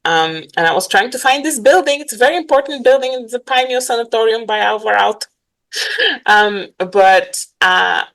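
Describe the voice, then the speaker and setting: A woman's voice: a little high, lively intonation, normal speed, gravelly, a bit bright, poor audio. A woman from Bulgaria, a guest in a casual interview, talking animatedly with many fillers and frequent laughs.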